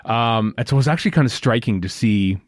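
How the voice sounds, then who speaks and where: A man's voice: medium pitch, animated, fast talker, no room sound, studio quality. A man co-hosting a casual fan podcast, rambling with self-deprecating asides. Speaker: podcast co-host.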